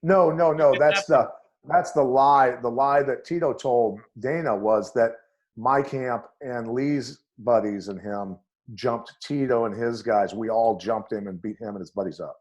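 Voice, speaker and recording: A man's voice: mid-range voice, a little slow, muffled recording. A middle-aged man, a former fight coach, telling anecdotes bluntly and with animation as a podcast guest. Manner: blunt and animated, acts out voices in his anecdotes. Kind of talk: storytelling on a podcast interview.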